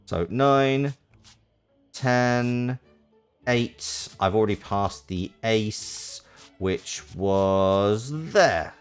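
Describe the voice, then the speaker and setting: A man's voice: lowish voice, very slow, clear, resonant tone, faint music behind. A British man streaming a game, chatting casually and rambling with restarts. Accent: British English.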